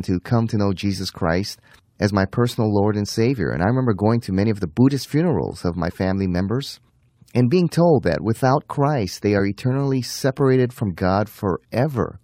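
A man giving an earnest apologetics talk, slowing down to stress key phrases. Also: lowish voice, darkish tone, dry recording, studio quality. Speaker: Christian apologist teacher.

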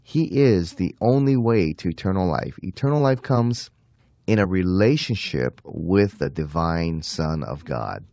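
A man giving an earnest apologetics talk, slowing down to stress key phrases. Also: deep voice, lively intonation, gravelly, a little mellow, no room sound. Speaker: Christian apologist teacher.

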